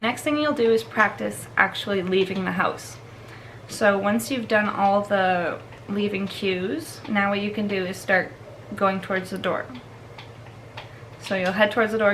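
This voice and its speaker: Brief: casual woman vlogger, mid pitch, chatty, faint background hiss. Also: a little slow, fairly bright tone, rough recording. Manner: chatty, laughs often, filler-heavy. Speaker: dog trainer. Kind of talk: casual instructional vlog.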